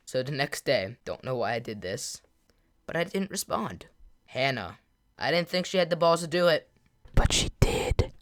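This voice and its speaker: Teen boy telling a story with big swings in loudness. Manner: animated, swings between loud exclaiming and low mumbling. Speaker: gaming video creator. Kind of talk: casual storytelling.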